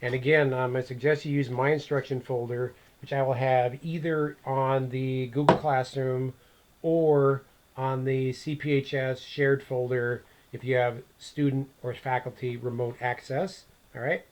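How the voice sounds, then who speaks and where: Man talking through a software lesson. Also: mid-range voice, little pitch movement, a little slow, a little hiss or hum, poor audio. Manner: chatty, thinks aloud while clicking through steps. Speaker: teacher. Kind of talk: screen-recorded software tutorial.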